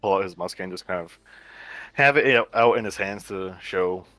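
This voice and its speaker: Male player, casual, hesitant, low pitch, bright forceful tone. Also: brisk, no echo, soft background music. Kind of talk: tabletop game play.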